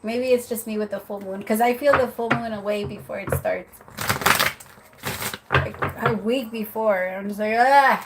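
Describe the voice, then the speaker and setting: A woman's voice: on the high side, very noisy. A woman giving tarot readings on a live stream, chatty and apologetic, laughing often. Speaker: tarot reader.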